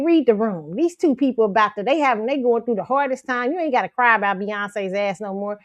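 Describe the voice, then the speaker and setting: A woman's voice: on the high side, no room sound. Sassy, blunt woman host. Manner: blunt, sassy, animated, laughs often. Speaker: show host. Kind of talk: pop culture commentary livestream.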